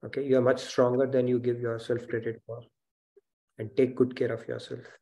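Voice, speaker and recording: A man's voice: mid-range voice, flat delivery, a little fast, warm tone. A man hosting an online spiritual class over a video call, talking in an encouraging, reassuring way. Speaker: spiritual teacher and session host. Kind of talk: casual online class talk.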